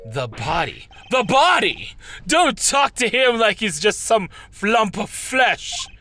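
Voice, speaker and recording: A man voicing a theatrical, hot-headed male prosecutor from a game, reading the lines aloud with dramatic shouting. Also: on the high side, very animated, a little slow, faint music behind, full character voice. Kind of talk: game dialogue read aloud.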